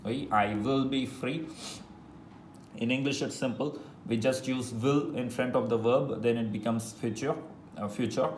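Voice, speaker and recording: A man's voice: medium pitch, a little mellow. Man teaching French in an echoey room. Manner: explains patiently, repeats phrases slowly, spells words letter by letter. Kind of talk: French lesson explained in English. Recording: echoey room with faint noise.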